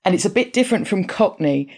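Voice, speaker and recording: Crisply enunciating English woman from London. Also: mid-range voice, expressive, fast, mellow. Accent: London, leaning toward received pronunciation. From southeast London, England. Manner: clear, enunciated delivery. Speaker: podcast guest and contributor. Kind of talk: careful interview talk.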